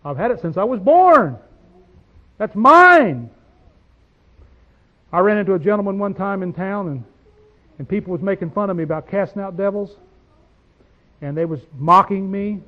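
A man with a high voice delivers a homespun sermon. He reads scripture in slow, drawn-out phrases, then breaks into quick conversational asides and rising declarations. The recording sounds dull and lo-fi. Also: expressive. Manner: folksy, call-and-response asides, swings from quiet to loud. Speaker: preacher.

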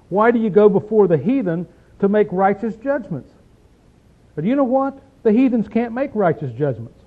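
Folksy high-voiced preacher on a tinny line. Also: male voice. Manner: folksy, emphatic, asks rhetorical questions like "see?" and "okay?"; clears throat often. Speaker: preacher teaching a Bible study. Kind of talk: conversational Bible teaching. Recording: tinny phone-like sound.

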